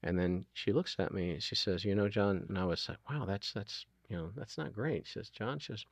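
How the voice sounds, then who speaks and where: A middle-aged man, the founder of a food nonprofit, speaks earnestly as an interview guest in a lowish, gravelly voice at a brisk pace. He retells past conversations with lots of "um" and "you know," and the recording has no echo.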